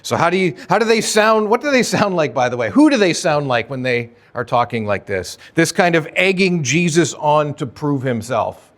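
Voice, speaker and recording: A man's voice: fairly high pitch, big pitch swings, moderate pace, a bit bright. A male pastor preaching an expository sermon in a conversational way, often asking rhetorical questions.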